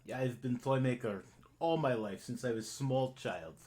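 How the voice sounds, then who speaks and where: A man's voice: medium pitch, normal speed, darkish tone, natural voice. A man voicing a gloomy toymaker who speaks in clipped, broken English without articles. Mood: earnest.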